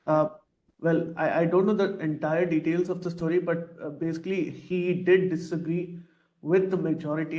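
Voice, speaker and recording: A man, interviewing in a measured, hedging conversational way. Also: on the high side, a little mellow, poor audio. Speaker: interviewer, student activist.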